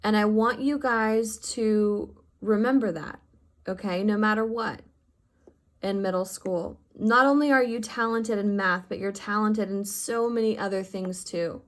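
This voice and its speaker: A woman's voice: medium pitch, measured pace. A woman teaching her fifth grade math class in a recorded lesson, talking to her students in a heartfelt, affectionate and encouraging way. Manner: encouraging, upbeat teaching talk.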